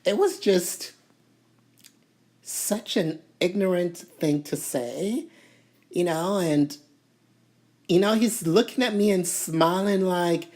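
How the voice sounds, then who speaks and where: A woman from Toronto telling a story to camera in a casual, animated way, full of "you know" fillers and indignation. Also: lowish voice, slow pace, long pauses. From Toronto, Canada. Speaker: vlogger.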